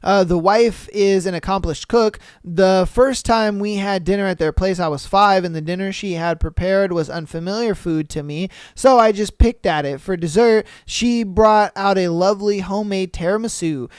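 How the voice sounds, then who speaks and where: A man's voice: high-pitched, normal speed, hardly any pauses, clean tone, no echo, clean studio sound. A man hosting a casual podcast, reading listener posts aloud and reacting with profane slang and laughter. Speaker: podcast host.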